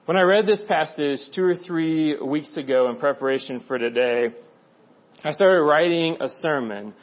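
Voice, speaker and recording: A young man delivers a sermon in a chatty, storytelling manner and acts out the lines of the people in his story. His voice sits a bit high for a man. The recording sounds dull and lo-fi. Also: normal speed. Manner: conversational, animated storytelling with quoted voices. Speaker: preacher.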